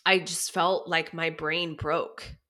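A young woman talks openly into her podcast mic, rambling in a loose, chatty way and leaning on "like" constantly. Her voice sits slightly low but sounds bright and forward, and tears keep threatening to break through. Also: flat delivery, slow. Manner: chatty, says "like" very often, emotional and teary at times. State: near tears. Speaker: podcast host. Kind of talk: candid personal talk.

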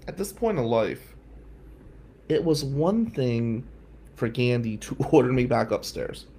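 A male podcast host telling a personal story in an animated way, swearing freely and loudly acting out what others said. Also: medium pitch, measured pace, a little hiss or hum.

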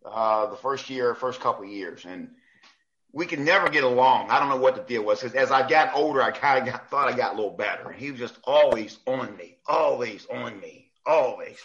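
A man, a basketball referee, telling a story in a casual, animated way and acting out the people he quotes. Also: mid-range voice, normal speed, dull audio. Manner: animated, acts out quoted coaches.

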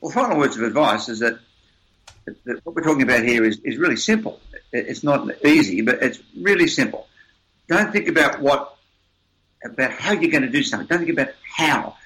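A man's voice: mid-range voice, animated, brisk, pushed and bright, poor audio. An older man, an interview guest, telling motivational stories in an emphatic, upbeat way with repeated words. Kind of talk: motivational storytelling.

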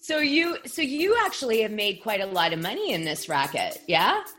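A woman's voice: mid-range voice, very animated, moderate pace, a bit bright, soft background music. A woman hosting a casual interview, chatty, often laughing and filling her talk with "like". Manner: chatty, laughs easily, says "like" a lot. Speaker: podcast host.

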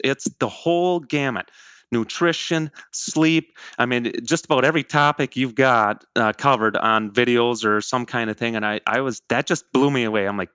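A man's voice: medium pitch, moderate pace, sharp tone, smooth, dry recording. A man around fifty, talking earnestly as a program member in a casual interview, often restarting and correcting himself. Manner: rambling, self-correcting, earnest.

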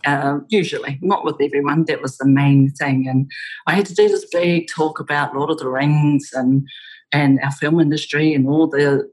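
A middle-aged woman with a New Zealand accent, speaking in a low, husky voice. She tells her stories in a reflective, conversational way as a guest in an interview, now and then laughing softly. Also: low-quality recording. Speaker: game studio founder, guest.

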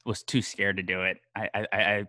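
A man's voice: fairly low pitch, little pitch movement, fairly quick, pushed and bright, dry recording. An American man, a history podcaster, chatting casually in a rambling, self-deprecating way with many fillers. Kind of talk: casual conversation.

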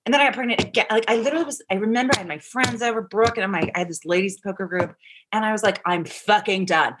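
A woman's voice: medium pitch, very fast, background noise. A middle-aged woman recounting her own story in a casual interview, with a mid-range voice. Her delivery is loose and rambling, full of restarts and fillers. She curses freely and casually. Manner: rambling, profane, heavy use of "like". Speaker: guest.

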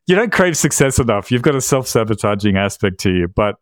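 A man with an Australian accent, co-hosting a podcast with teasing, deadpan banter. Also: medium pitch, fairly quick, no room sound, clean studio sound. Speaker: podcast co-host.

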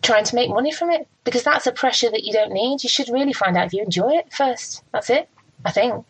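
A woman, a presenter telling stories from her career in a casual interview, very expressive and laughing often. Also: a little high, a little fast, husky, dry recording, poor audio. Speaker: radio and TV presenter.

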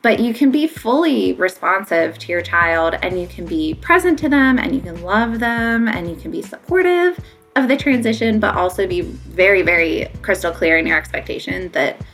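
A woman's voice: medium pitch, lively intonation, normal speed, fairly bright tone, faint music behind. A woman giving casual parenting advice on sleep, chatty and full of fillers, sometimes acting out what parents and kids say. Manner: chatty, lots of fillers, acts out quotes. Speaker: child sleep consultant.

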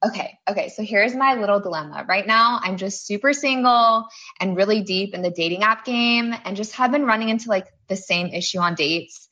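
A woman's voice: mid-range voice, a little fast, few pauses, sharp tone. A woman calling in to a podcast, talking in a nervous, chatty way with lots of "like" fillers. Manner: nervous, chatty, heavy use of "like". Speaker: caller.

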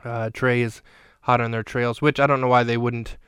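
Male podcast host, casual film recap, chatty and rambling, flat delivery, clean dry recording. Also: medium pitch, normal speed, clear, resonant tone, no echo.

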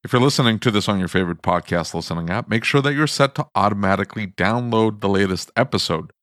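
A man hosting a podcast in a casual, chatty way, laughing between stories. His voice sits a little low and sounds close and dry, with no room around it. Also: a bit bright, no echo. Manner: chatty, laughs often, does quick voices. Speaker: podcast host.

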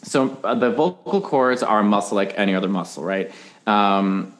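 A man's voice: fairly low pitch, moderate pace. A man as a podcast guest in casual chat, animatedly explaining singing technique and breaking into sung examples.

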